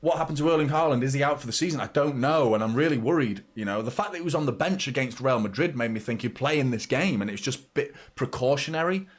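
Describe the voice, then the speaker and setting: A man's voice: medium pitch, expressive, fast, few pauses. A man hosting a live football watchalong, mixing blunt, sweary fan chatter with play-by-play. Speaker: fan channel host. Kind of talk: live match watchalong commentary.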